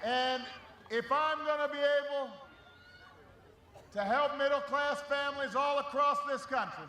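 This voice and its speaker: A man's voice: very high-pitched, unhurried, bright, forceful tone, roomy sound, slight background noise. A man giving a rousing campaign speech at a rally, raising his voice over the crowd. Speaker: political speaker at a rally. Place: large rally venue.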